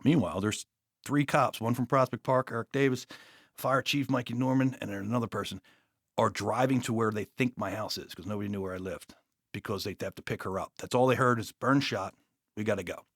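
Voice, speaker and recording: Man, New York accent, gravelly voice, dry close sound, blunt profane storyteller. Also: fairly low pitch, brisk, no echo. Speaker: guest, police officer. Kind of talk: animated storytelling interview.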